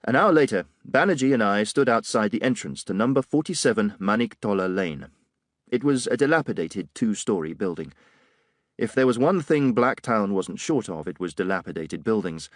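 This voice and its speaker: A man's voice: lowish voice, expressive, moderate pace, dry recording. A man narrating an audiobook in the first person, with a dry, wry telling. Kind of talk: scripted narration.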